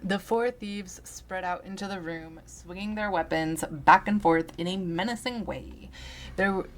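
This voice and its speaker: A woman reading a story aloud in a deliberate, dramatic way, now and then muttering asides. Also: lowish voice. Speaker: story reader.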